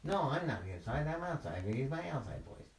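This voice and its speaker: A man's voice: medium pitch, big pitch swings, a little fast, slight background noise, voice pushed up. A man voicing a small, chirpy young female kitten in a bedtime story, in an eager, lightly raised voice. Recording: roomy, mic at a distance.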